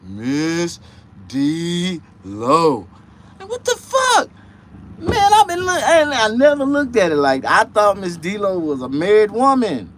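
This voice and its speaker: A man hosting a casual livestream chat, rambling and profane, dropping to low mutters and jumping to high excited outbursts. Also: takes it slowly, slight background noise. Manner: profane, rambling street talk. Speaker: livestream host.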